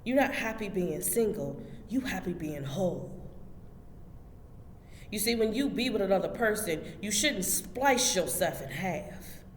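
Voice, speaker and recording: Woman, host, spiritual motivational talk, emphatic and preachy, mid-pitched, echoey hall. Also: expressive, a little slow. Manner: emphatic, preachy, direct address to listeners. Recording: echoey hall with faint background noise.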